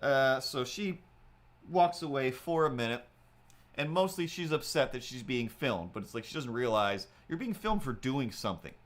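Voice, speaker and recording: Drawing live for his audience, a man hosts the stream in a rambling, casual way with many filler words. His mid-range voice has a sing-song lilt, and he moves at a moderate pace.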